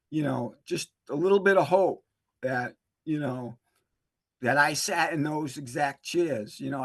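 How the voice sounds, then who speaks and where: Halting man telling his recovery story. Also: a little high, dry recording. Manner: halting, many fillers and restarts. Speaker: interview guest, recovery specialist. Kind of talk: emotional personal testimony.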